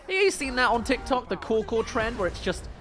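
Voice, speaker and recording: Lively British man riffing on livestream. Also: very high voice, faint music behind. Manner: chatty, answers viewer comments with quick jokes. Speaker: movie review livestream host. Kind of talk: casual livestream commentary.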